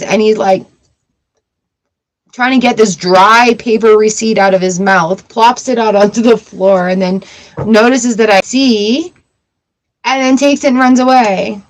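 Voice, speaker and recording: Animated woman tarot reader chatting live. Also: a little high, rough recording. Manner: animated storyteller, laughs often. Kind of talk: casual live-stream chat.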